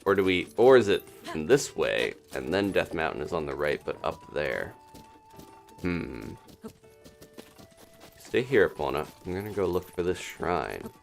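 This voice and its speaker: A man casually commentating his own gameplay on a live stream, chatting and thinking aloud with quick little laughs. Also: sits low, sing-song, creaky, soft background music. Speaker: gaming streamer.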